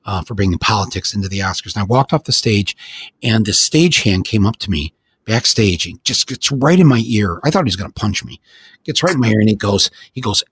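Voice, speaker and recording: An older man hosting a podcast, telling stories in an animated way with many restarts. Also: fairly low pitch, breathy edge, dry recording. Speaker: podcast host. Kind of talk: casual podcast conversation.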